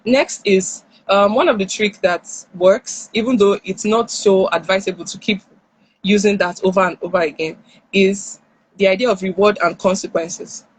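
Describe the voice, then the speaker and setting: A parenting speaker with a Nigerian accent offers advice on a live stream, animatedly performing what parents and children say. Her husky voice is medium in pitch and moderate in pace, captured roughly through a phone or headset.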